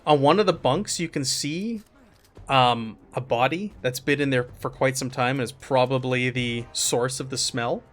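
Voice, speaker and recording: A man narrating and running a tabletop game as game master, talking in a relaxed way with many fillers. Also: mid-range voice, normal speed. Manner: relaxed, filler-heavy descriptions.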